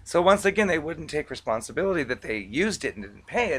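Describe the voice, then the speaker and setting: A man speaks in a relaxed, chatty vlog monologue, his voice sitting slightly high for a man. He tells stories casually, dropping in filler words as he goes. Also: fast, hardly any pauses, slightly rough. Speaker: vlogger recounting past collections work.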